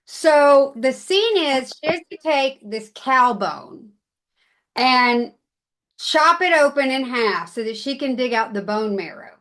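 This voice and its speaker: A woman hosting a podcast who tells stories in an excitable, animated way. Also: sits high, slow. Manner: excitable, animated storytelling with big quoted outbursts. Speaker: podcast host. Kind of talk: casual chat.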